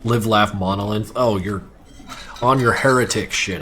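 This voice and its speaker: A man's voice: fairly low pitch, measured pace, fairly bright tone, a little hiss or hum. Rambling, cussing young man streaming. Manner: rambling, profane, self-mocking. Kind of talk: casual livestream chat.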